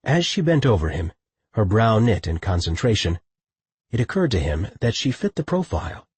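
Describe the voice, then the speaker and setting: Male audiobook narrator, low husky voice, measured delivery. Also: no room sound. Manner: steady, measured storytelling. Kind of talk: scripted narration.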